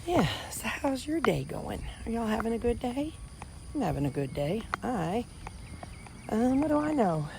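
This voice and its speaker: A woman's voice: mid-range voice, creaky, slight background noise. A woman, a vlogger rambling in folksy casual chat to her viewers while outdoors. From Missouri, USA. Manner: rambling, folksy, chatty, talks straight to viewers.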